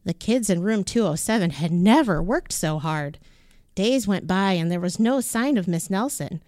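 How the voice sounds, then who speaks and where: A woman's voice: medium pitch, normal speed, no echo, studio quality. Woman reading a children's story aloud. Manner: clear, expressive storytelling. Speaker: children's story reader, co-host.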